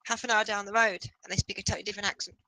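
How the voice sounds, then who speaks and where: Bright, high-voiced young English man. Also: flat delivery, very fast, no room sound. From England. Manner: high-pitched voice, chatty. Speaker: podcast guest. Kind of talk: casual chat.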